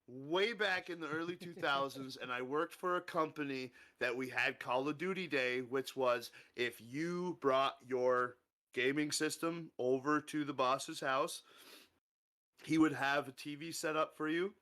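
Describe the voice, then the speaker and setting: Bright-voiced man telling stories casually. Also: mid-range voice, unhurried. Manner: animated storyteller acting out quoted voices, laughs often. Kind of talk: casual storytelling chat.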